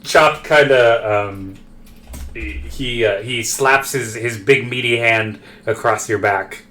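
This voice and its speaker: A man's voice: mid-range voice, slow pace, pushed and bright. A man narrating as game master of a solo tabletop game, describing characters with many fillers and restarts. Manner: hesitant, many fillers and self-corrections.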